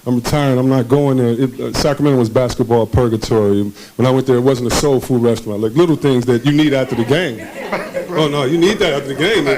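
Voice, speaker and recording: On a conference stage, a former basketball player gives an interview, telling his stories in a casual, lively way, imitating the people he quotes and laughing a lot. His voice is medium-pitched, a little mellow, and fast-paced. The audio quality is poor.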